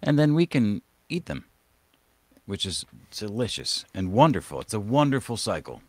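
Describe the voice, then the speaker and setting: A man's voice: fairly low pitch, big pitch swings, normal speed, darkish tone, no room sound. A man chatting in a crude, rambling way on a podcast, often laughing. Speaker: podcast co-host. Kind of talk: casual profane chat.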